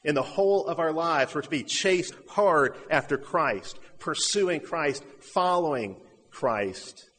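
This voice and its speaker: A man from the southern United States delivers an earnest sermon, his voice sitting a touch high for a man. He builds with rhetorical questions and phrases repeated for emphasis. The recording carries a long reverb, as if from a large hall. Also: animated, takes it slowly, fairly bright tone. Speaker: preacher.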